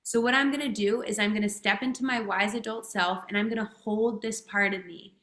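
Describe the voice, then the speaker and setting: A woman's voice: mid-range voice, steady tone, brisk, a bit bright, roomy sound. A woman speaking as a guest coach in a podcast interview, talking casually and emphatically and swearing freely.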